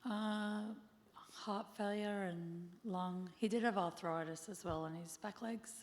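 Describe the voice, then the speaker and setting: A woman's voice: medium pitch, fairly even intonation, unhurried. A woman in a theatre audience giving short, plain answers. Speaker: audience member. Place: large theatre hall. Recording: hall reverb.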